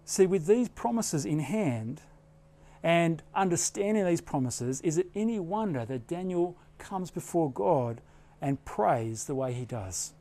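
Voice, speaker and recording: A man's voice: fairly high pitch, lively intonation, measured pace, dark tone. A middle-aged man preaching a sermon, earnest and emphatic, with rising bursts of feeling as he stresses points. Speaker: pastor.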